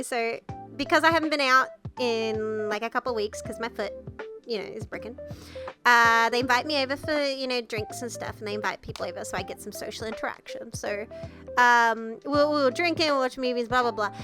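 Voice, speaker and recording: A young Australian woman with a high-pitched voice chats through a headset mic. She is sick with the flu and coughs now and then. She laughs often and swears freely. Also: brisk, music in the background. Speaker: streamer. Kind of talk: casual storytelling chat.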